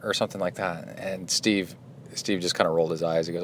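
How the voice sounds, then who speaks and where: A man's voice: low voice, normal speed. A middle-aged man hosting a casual solo podcast, rambling with many fillers and restarts. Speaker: podcast host and triathlon coach.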